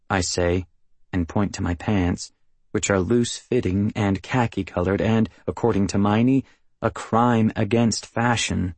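A man narrates a first-person novel in a measured, matter-of-fact way. His voice sits a little low, and the close studio recording is dry with no room sound. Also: fairly even intonation, a little mellow, no room sound. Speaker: audiobook narrator.

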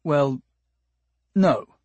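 A man's voice: fairly high pitch, expressive, extremely slow, darkish tone, dry recording, muffled recording, full character voice. A man voicing a flustered human man who stammers and answers awkwardly, in an audiobook. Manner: hesitant, stammering. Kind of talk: audiobook character voice.

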